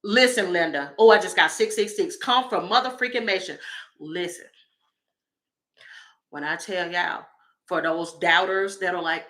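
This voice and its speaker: A woman's voice: on the low side, normal speed, fairly bright tone, rough recording. A woman reading tarot on a casual livestream, blunt and profane, laughing often as she talks to her viewers. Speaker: tarot reader.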